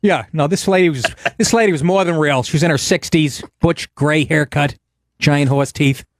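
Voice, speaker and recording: A man's voice: a little high, normal speed, no echo, studio quality. Profane, sarcastic male talk host. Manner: takes on voices for quotes. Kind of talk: casual comedic monologue.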